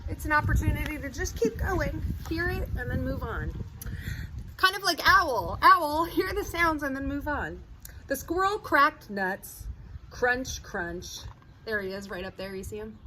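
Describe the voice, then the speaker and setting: Lively high-voiced woman reading outdoors. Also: moderate pace, rough recording. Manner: animated, chatty asides, acts out animal sounds. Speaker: children's book reader. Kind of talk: reading a picture book aloud to children. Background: sirens and street noise.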